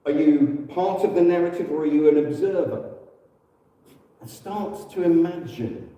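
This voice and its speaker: English man, warm low-key church speaker, chatty with fillers; roomy hall sound from afar. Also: a little slow. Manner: relaxed and conversational, with frequent fillers and self-corrections. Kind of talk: informal church teaching talk. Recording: echoey hall, distant mic.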